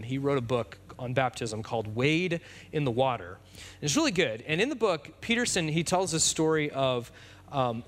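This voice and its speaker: A man preaching a sermon in a relaxed, conversational way, with fillers and restarts. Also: medium pitch, slight background noise. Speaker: pastor.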